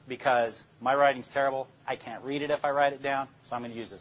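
A man's voice: mid-range voice, steady tone, racing, hardly any pauses, lo-fi sound. An older man, a police detective, telling plainspoken stories about interrogations to a class and acting out his own lines. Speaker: police detective speaking to law students. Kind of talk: storytelling lecture.

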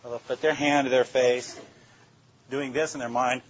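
A man's voice: mid-range voice, fairly even intonation, measured pace, husky, muffled recording. An older man, a police detective, telling plainspoken stories about interrogations to a class and acting out his own lines. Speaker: police detective speaking to law students. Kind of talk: storytelling lecture.

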